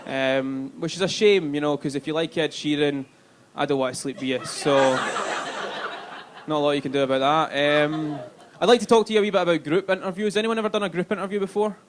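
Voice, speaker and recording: A man's voice: fairly high pitch, steady tone, brisk, background noise. A man with a Glaswegian Scottish accent doing a live stand-up set, chatty and sweary, checking in with the crowd. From Scotland, Glasgow. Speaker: stand-up comedian. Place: comedy club stage.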